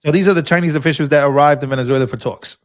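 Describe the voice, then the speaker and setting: A man's voice: on the high side, very fast. A man co-hosting a live stream, reading breaking headlines aloud with hesitant fillers and restarts. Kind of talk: casual live-stream news chat.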